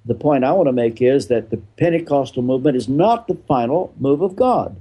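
A man's voice: medium pitch, animated, fairly quick, husky, dull audio. An older man, a retired pastor being interviewed, explaining his views emphatically and answering his own rhetorical questions.

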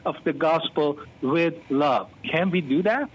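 A man, a pastor being interviewed, telling stories animatedly and given to excited outbursts. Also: a little high, unhurried, slightly rough. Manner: animated, bursts into excited exclamations. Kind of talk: storytelling interview talk. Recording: muffled lo-fi.

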